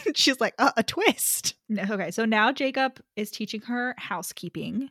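A woman's voice: on the high side, wildly swooping pitch, a little slow, bright, forceful tone, no room sound, studio quality. A woman co-hosting a book podcast in casual chat, rambling with lots of "like" and frequent laughter. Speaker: podcast co-host.

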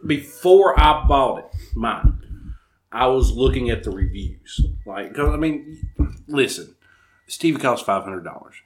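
A man, co-hosting a podcast with joking, quick banter. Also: medium pitch, animated, background noise. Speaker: podcast co-host. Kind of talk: casual chat.

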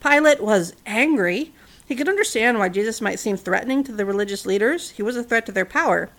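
A woman retelling a Bible story in a casual, chatty way, dropping in wry asides and little fillers. Her voice sits fairly high and swings widely in pitch. It sounds relaxed and conversational rather than formal.

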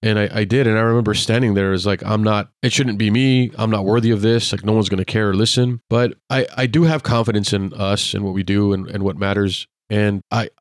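A man's voice: on the low side, brisk, hardly any pauses, dry recording, clean studio sound. A man, a former police officer and podcast guest, telling casual stories and acting out the lines of the people in them. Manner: acts out quoted dialogue in lively anecdotes. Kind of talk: casual storytelling in conversation.

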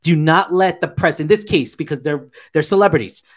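A man with a slightly raised pitch, talking loosely and eagerly through an episode recap. He rambles, fills gaps with "um" and "you know", and piles on his praise. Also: fairly quick. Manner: rambling, filler-heavy, enthusiastic retelling. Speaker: podcast co-host reviewing a TV episode. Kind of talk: casual review chat.

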